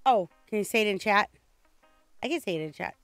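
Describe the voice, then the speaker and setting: A woman streaming a video game, chatting casually in an excitable, rambling way with frequent restarts. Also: mid-range voice, fairly quick, faint music behind. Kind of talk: casual game livestream chat.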